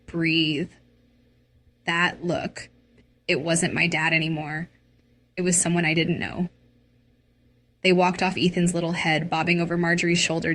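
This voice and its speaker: A woman's voice: fairly low pitch, a bit bright. A woman narrating a dramatic first-person story.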